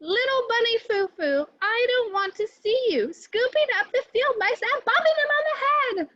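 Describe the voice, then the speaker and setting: A woman voicing a stern good fairy who scolds in a shrill, exasperated way while reading a picture book aloud, on a dry, dull recording. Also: lively intonation, measured pace, no echo. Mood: scolding.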